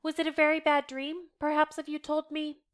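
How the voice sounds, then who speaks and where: A woman voicing a gentle, hurt middle-aged mother in a soft, tender read. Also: high-pitched, completely flat delivery, a little fast, voice pushed up, natural voice.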